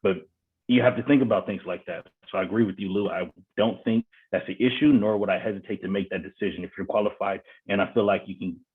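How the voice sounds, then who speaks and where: A man's voice: fairly low pitch, fairly even intonation, quick pace, husky, phone-quality sound. A man speaking directly and emphatically as a panelist in a casual discussion. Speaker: panelist, company CEO.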